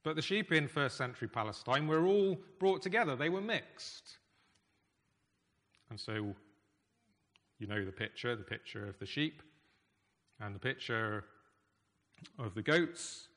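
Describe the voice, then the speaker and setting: A man preaching a sermon in a conversational, emphatic way, with pauses. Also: mid-range voice, animated, fairly bright tone. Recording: echoey hall reverb.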